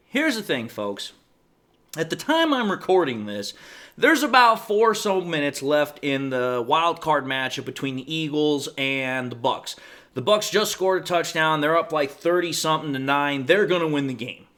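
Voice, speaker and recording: A man's voice: fairly high pitch, a bit bright. A man hosting his own sports commentary show, talking casually and at length in a folksy way. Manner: folksy, talkative, says y'all and folks. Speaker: host.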